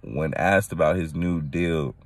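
A man hosting his own podcast, talking loosely and excitedly, rambling with restarts and laughing at his own jokes, a bit tired from little sleep. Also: a bass voice, measured pace, no echo. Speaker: podcast host. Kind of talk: casual solo podcast rant.

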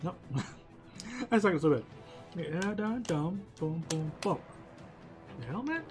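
A man co-hosting a casual game playthrough, joking, laughing often and breaking into excited exclamations. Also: sits high, slow, faint music behind. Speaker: let's play co-host. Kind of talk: casual gameplay chat.

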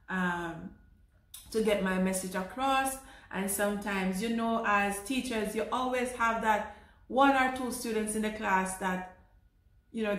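A woman with a Jamaican accent, a teacher telling stories from her work in a lively casual vlog, laughing now and then and repeating words as she goes. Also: medium pitch. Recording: echoey room.

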